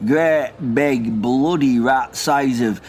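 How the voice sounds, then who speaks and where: A man's voice: medium pitch, takes it slowly, a little mellow, a little hiss or hum, close to an everyday voice. Man doing a rambling old Lancashire war veteran. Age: older. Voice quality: gruff dialect-heavy rambling, confused and crude. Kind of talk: comedy audio drama.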